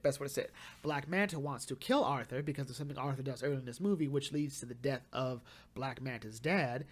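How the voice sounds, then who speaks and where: A young man giving a casual movie review, rambling and gushing with lots of restarts and fillers. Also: medium pitch.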